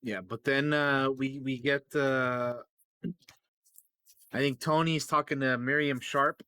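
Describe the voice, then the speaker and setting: A man's voice: medium pitch, fairly even intonation, takes it slowly, sharp tone, smooth. A man co-hosting a podcast, casually recapping comics with lots of fillers and swearing, acting out quoted lines. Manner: rambling, profane, many fillers, acts out quotes. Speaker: podcast co-host.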